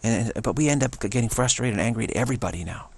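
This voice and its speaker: A channel host gives solo spoken commentary, rambling earnestly and often repeating or restarting phrases. He has a husky, medium-pitched voice and speaks at a racing pace.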